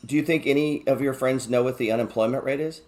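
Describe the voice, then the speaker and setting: A man's voice: mid-range voice, fast talker, a little mellow. Chatty man hosting a market show. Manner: chatty, swears freely, brags and jokes; reads viewer chat aloud. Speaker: stock market show host. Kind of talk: casual live market commentary.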